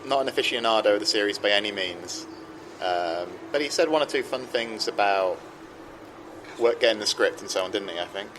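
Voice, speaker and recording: Man, co-host, casual chat, easygoing, rambling, lowish voice, noisy background. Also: fairly quick. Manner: easygoing, rambling, many ums. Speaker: podcast co-host.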